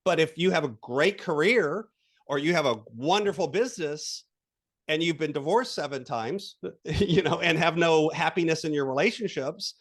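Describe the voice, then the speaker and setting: A man with a fairly high voice, speaking as a guest coach on a podcast. He tells an imagined scene with lively, animated delivery and slips into quoted voices. His tone stays steady and guiding as he coaches the listener. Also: normal speed. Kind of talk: podcast interview.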